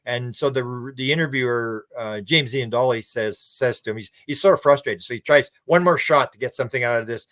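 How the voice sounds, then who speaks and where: A man's voice: mid-range voice, fairly quick, hardly any pauses, fairly bright tone, no echo, studio quality. A man who is a guest on a podcast. He tells stories in a rambling, casual way, restarts his words and acts out what other people said. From Canada. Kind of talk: casual conversational storytelling.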